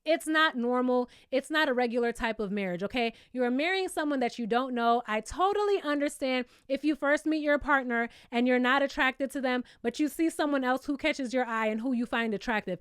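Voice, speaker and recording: A high-pitched woman recaps reality TV in a sassy, expressive way and talks straight to her audience. Her voice is close and dry, with no room sound. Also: fairly quick, hardly any pauses, smooth, dry recording. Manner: sassy, expressive, addresses viewers as "child" and "baby". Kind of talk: casual commentary recap.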